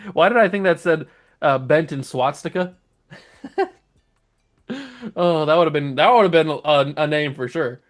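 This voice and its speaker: A man's voice: fairly high pitch, a little slow, long pauses, soft background music. A young man hosting a gaming channel, chatting casually and laughing while reading through odd player names. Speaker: gaming YouTuber host. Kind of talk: casual game commentary.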